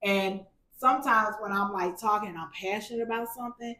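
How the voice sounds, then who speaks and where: A woman co-hosting a casual marriage chat, animated and getting louder when she's passionate. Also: mid-range voice, fairly quick. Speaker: podcast co-host. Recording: roomy echo.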